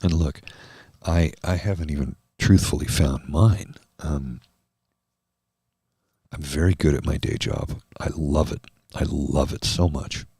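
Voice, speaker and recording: A man hosting a soft-spoken ASMR livestream, talking slowly and earnestly and answering viewers by name. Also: rumbling low, husky, no echo, clean studio sound. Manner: slow, earnest and heartfelt, addressing viewers by name. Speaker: livestream host.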